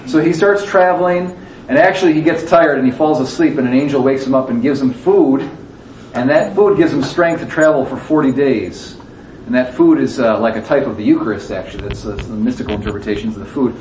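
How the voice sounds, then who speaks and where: A man teaches a class a Bible lesson in a conversational way, quizzing the audience and acting out the quotes. His mid-range, darkish voice is a little fast, picked up by a distant mic in an echoey room with faint background noise.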